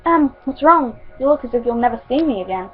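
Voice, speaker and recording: Woman reading as a gentle teenage boy, soft hushed voice, comforting, tinny phone-line sound. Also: on the high side, expressive, a little fast, soft background music, lightly acted. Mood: soothing.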